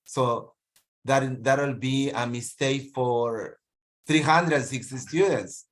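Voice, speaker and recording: A man attending an online teacher meeting, raising a point in an earnest, measured way. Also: mid-range voice.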